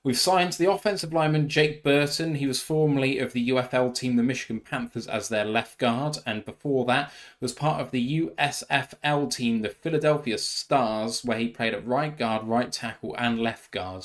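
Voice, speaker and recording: A man's voice: mid-range voice, fairly even intonation, normal speed, few pauses. A British man hosting a sports podcast, giving information and reading out facts and figures. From United Kingdom. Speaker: podcast host. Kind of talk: casual sports podcast chat.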